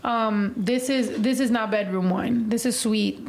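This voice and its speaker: A woman hosting a casual livestream chat, telling animated stories full of "like". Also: on the high side, a little slow, creaky, a little hiss or hum. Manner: animated storytelling, heavy use of "like". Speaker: livestream host.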